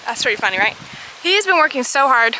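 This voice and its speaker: A woman, chatting excitedly as she walks her garden for a homesteading vlog, gasping at her finds. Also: high-pitched, fast, background noise. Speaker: homesteading vlogger. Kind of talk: casual walk-and-talk vlog. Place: outdoors in a rural garden. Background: outdoor ambience, rustling leaves, animals.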